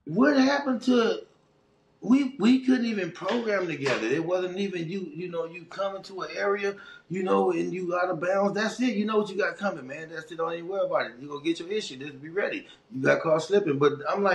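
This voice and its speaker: A middle-aged man from Los Angeles with a local accent, telling his life story in a casual, animated, streetwise and heartfelt way as an interview guest. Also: on the high side, fairly quick, reverberant.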